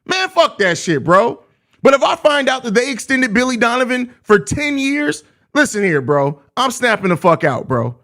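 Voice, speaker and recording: A young man with a very high-pitched voice delivers a live-stream postgame rant. He is exasperated and profane, and he leans on slang, drawing out his complaints again and again. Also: very animated, moderate pace, a bit bright. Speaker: host of a live postgame show.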